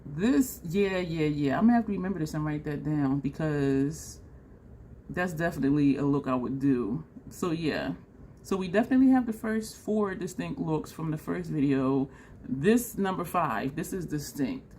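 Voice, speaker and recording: A woman vlogging a makeup tutorial in a chatty, excitable way, talking straight to her viewers. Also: deep voice, moderate pace, a little hiss or hum. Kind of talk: casual makeup tutorial chat.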